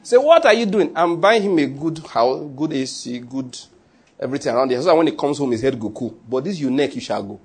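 A man's voice: medium pitch, a little fast, husky. A man with a Nigerian accent preaching a sermon, chatty and humorous, dropping into Pidgin asides. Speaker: pastor.

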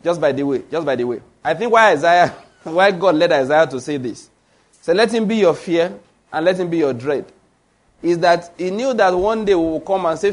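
A man's voice: fairly high pitch, animated, normal speed. A man preaching a sermon with emphasis, often putting questions to his congregation.

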